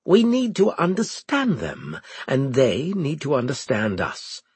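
A man's voice: on the high side, huge pitch swings, moderate pace, husky, dry recording, voice pushed up, exaggerated voice. A man voicing an irritable male officer who barks clipped orders. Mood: snappish.

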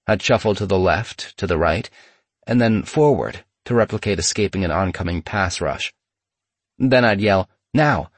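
Male memoir narrator, measured and steady, dry close read. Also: sits low, slightly rough, no room sound.

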